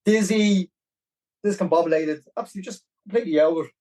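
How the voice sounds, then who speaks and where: A man with a Dublin Irish accent, a podcast guest telling a long story in a rambling, animated way. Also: high-pitched, quick pace, low-quality recording. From Ireland. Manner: animated, rambling, with many restarts. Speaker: podcast guest, marathon runner. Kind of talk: casual storytelling.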